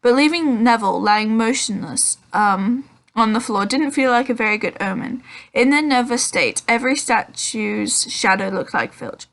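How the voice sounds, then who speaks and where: A woman's voice: fairly high pitch, a bit bright. A woman reading a children's novel aloud, with frequent ums and self-corrections. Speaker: audiobook reader.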